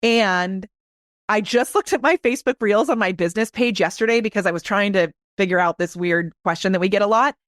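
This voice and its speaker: Clean studio sound, free of any room noise, captures a woman of medium pitch. She's a podcast guest and video marketing expert who tells stories in a fast, eager, laid-back way.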